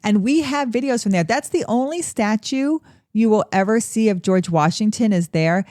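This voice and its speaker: A woman's voice: mid-range voice, moderate pace, a little mellow, no room sound, studio quality. A woman co-hosting a history podcast, explaining events in a casual, storytelling way.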